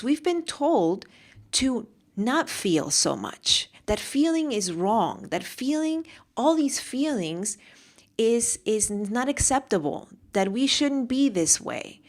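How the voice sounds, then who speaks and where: A woman hosting a solo motivational podcast, talking with passion and often repeating phrases for emphasis. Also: fairly high pitch. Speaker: podcast host and mentor.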